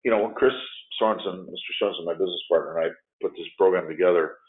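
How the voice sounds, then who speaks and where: A man's voice: deep voice, racing. A man in his fifties giving a training lecture, telling stories and acting out the quotes in them. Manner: animated storytelling, acts out angry quotes. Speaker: de-escalation trainer. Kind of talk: training lecture with role-play examples. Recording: phone-like narrow audio.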